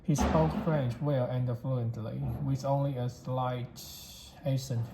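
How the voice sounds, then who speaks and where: Steady, flat-voiced story reader. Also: mid-range voice, slow. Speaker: audiobook reader. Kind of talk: novel read-aloud. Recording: echoey room, faint background hiss.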